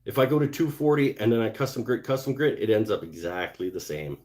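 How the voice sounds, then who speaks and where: A man's voice: on the low side, a little fast. A man hosting a casual live stream from his home workshop, reading out viewer comments and muttering to himself as he works. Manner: relaxed, thinking aloud, muttering while working. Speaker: woodturning livestream host.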